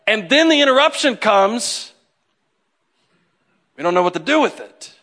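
High bright-voiced male preacher. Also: a little slow. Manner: animated, conversational, acts out quotes. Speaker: pastor. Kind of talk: sermon.

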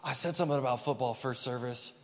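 A man's voice: medium pitch, fast talker. A man pastor giving a conversational sermon, telling the story vividly and asking the congregation questions. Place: church sanctuary. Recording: reverberant church hall.

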